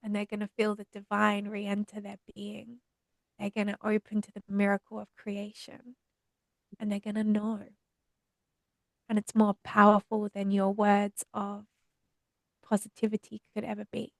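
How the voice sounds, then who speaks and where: Soft meditative woman on a podcast. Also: mid-range voice, completely flat delivery, vocal fry, dry recording. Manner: slow, soothing, meditative cadence. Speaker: podcast guest, trauma healer. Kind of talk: spiritual teaching in conversation.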